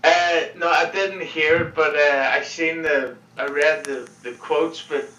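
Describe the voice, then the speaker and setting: Bright-voiced man joking on a podcast. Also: on the high side, fairly even intonation, measured pace, poor audio. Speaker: podcast guest. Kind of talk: casual podcast banter.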